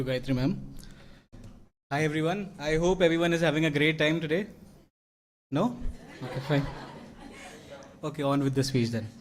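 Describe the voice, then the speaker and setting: A young man, giving an earnest graduation speech with many fillers and restarts. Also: on the high side. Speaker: award-winning graduate. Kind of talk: convocation speech. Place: large convocation hall.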